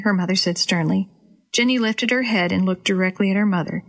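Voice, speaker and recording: A woman hosting a children's story program, reading aloud gently and expressively. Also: mid-range voice, fairly quick.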